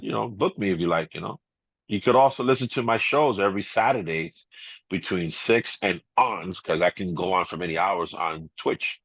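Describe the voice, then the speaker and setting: A laid-back middle-aged man with a fairly low voice chats through an interview, chuckling and dropping easy fillers. The sound is dry and a bit dull, with no room around it. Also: fairly bright tone, no room sound. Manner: laid-back, laughs often, many "you know" and "man" fillers. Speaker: guest DJ. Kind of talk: casual storytelling interview. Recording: slightly dull, muffled audio.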